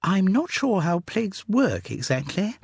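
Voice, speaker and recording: A man voicing a clever, brisk upper-class young woman in an audiobook, with crisp, knowing, slightly breathy chatter. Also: sits high, big pitch swings, no echo, voice pushed up, heavily acted. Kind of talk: audiobook character voice. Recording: dry close studio sound.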